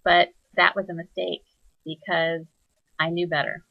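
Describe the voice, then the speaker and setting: Woman, low-ish voice, reflective monologue, soft-spoken, halting with fillers, dull muffled recording. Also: little pitch movement, gravelly, dry recording. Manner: soft-spoken, searching, with many pauses and fillers. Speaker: spiritual teacher.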